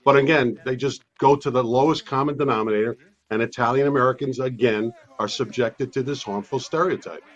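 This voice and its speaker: A man's voice: mid-range voice, fairly even intonation, brisk, highs cut off. A man who leads an advocacy group, speaking as an interview guest in an indignant, emphatic way.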